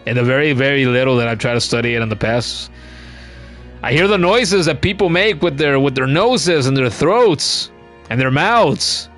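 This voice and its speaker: A man's voice: medium pitch, moderate pace, a bit bright, soft background music. A man giving casual, chatty commentary while streaming a game, cursing now and then and reading chat comments aloud.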